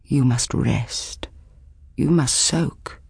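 A woman voicing a stern, commanding old village woman who speaks firmly and calmly. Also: extremely low pitch, extremely slow, creaky, husky, no echo, clean studio sound, exaggerated voice. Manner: firm, commanding.

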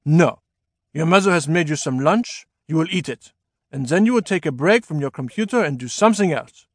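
A man voicing a hulking stitched-together monster father who is stern and gruff, with a rough voice and a heavy accent between German and French. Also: on the high side, animated, brisk, dry recording, clean studio sound, voice pushed up. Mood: scolding. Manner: commanding, scolding.

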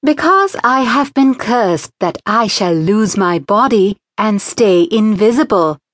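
A woman's voice: mid-range voice, lively intonation, takes it slowly, no echo, clean studio sound. A woman voicing a charming, ageless male god in a children's audiobook, sweet and teasing.

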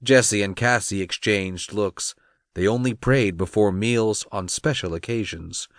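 A man narrating a romance audiobook, reading in an expressive storytelling manner. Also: on the low side, unhurried, no room sound, clean studio sound. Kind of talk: scripted narration.

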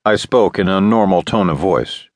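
A man's voice: low-pitched, expressive, moderate pace, no room sound. A man narrating an audiobook in the first person, in a wry storytelling manner. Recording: dry studio booth.

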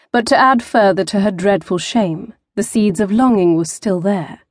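A woman narrating a romance novel in an expressive, measured storytelling voice. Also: medium pitch, no echo, studio quality. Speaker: audiobook narrator.

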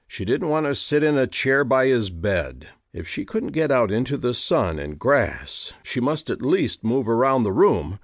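A man narrating a western romance audiobook with expressive storytelling. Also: mid-range voice, no room sound, studio quality. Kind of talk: scripted narration. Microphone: close studio mic.

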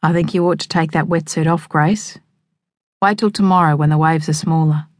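A woman voicing a worried father who talks slowly and insists calmly. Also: sits low, no room sound, lightly acted. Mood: firm. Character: worried father, calm but firm. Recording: dry close studio sound.

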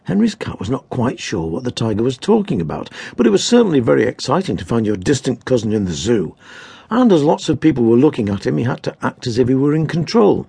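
A man narrating a children's storybook in a gently amused, expressive way. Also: mid-range voice, fast, vocal fry, husky, no room sound. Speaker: audiobook narrator.

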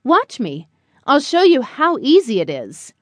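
A woman voicing a patient, encouraging father bird in a children's storybook, with a lowered, calm voice. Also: measured pace, dry recording, exaggerated voice.

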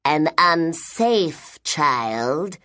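A woman's voice: low voice, lively intonation, bright, forceful tone, exaggerated voice. A woman voicing a pious, self-satisfied man guardian in an audiobook. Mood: pompous. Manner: slow, pompous, unctuous. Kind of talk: audiobook character reading.

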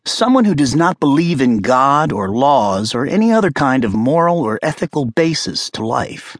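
Brief: detached academic man lecturing, measured delivery with a lively pitch line, dry close audiobook sound, done by the narrator. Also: no room sound. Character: cool, cerebral male author lecturing on a killer.

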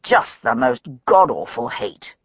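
A woman voicing a brisk, cheerful middle-aged male police surgeon, wry and matter-of-fact, for an audiobook. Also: low-pitched, big pitch swings, husky, no echo, muffled recording, exaggerated voice.

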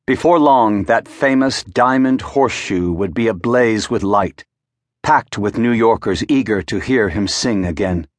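Male audiobook narrator, lowish voice, dry close studio sound, measured wry delivery. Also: no echo. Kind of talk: scripted narration. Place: recording studio.

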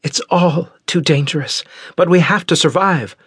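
A man's voice: on the high side, normal speed, fairly bright tone, husky, dry recording, clean studio sound, voice pushed up. Man voicing an urgent, anxious young woman.

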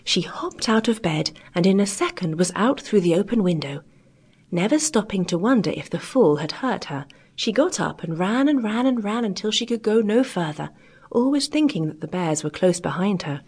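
A woman narrating a children's audiobook in a gentle, expressive reading with character voices. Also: mid-range voice, moderate pace, slightly rough.

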